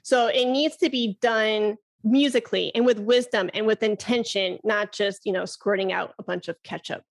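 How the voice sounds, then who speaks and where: A woman flute teacher talking on a podcast in an animated way, laughing often and demonstrating breath sounds. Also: medium pitch, moderate pace, vocal fry. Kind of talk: casual podcast conversation.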